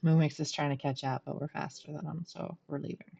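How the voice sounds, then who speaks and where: Middle-aged woman streamer, low chatty voice, dull lo-fi home mic. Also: steady tone, fairly quick, vocal fry, warm tone, breathy edge. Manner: chatty, laughs often, self-deprecating. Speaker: game streamer. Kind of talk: casual gameplay commentary.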